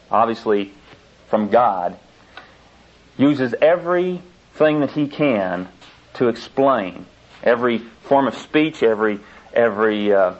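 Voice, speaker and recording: A man preaching a sermon and reading scripture aloud, pressing his points with insistent emphasis and repetition. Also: mid-range voice. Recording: dull lo-fi tape recording.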